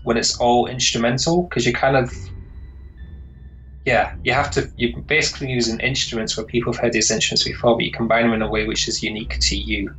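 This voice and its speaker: A man's voice: mid-range voice, a bit bright, low-quality recording. A man, a composer chatting in an interview, rambling and searching for words. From northern England. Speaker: composer guest. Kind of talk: casual interview chat.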